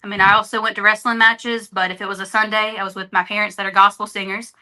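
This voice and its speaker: A woman guest on a podcast tells her stories earnestly and openheartedly in candid conversation. Her medium-pitched voice has a sharp tone, little pitch movement, and a fast delivery.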